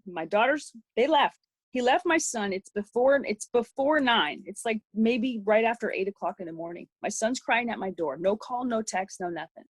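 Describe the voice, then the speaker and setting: A woman's voice: fairly high pitch, expressive, moderate pace, breathy edge, dry recording. A middle-aged woman, a podcast guest, telling a personal story in a rambling way with many restarts.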